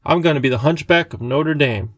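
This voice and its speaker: A man's voice: fairly high pitch, fairly quick, no room sound, lightly acted. A man voicing a suspicious, blunt ten-year-old boy. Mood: wary.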